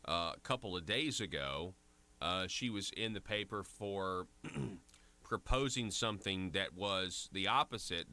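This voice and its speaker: A Southern American man hosts a morning talk radio show with a somewhat low voice. He chats loosely and jokes with his guests. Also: bright, forceful tone. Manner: laughing, chatty and joking.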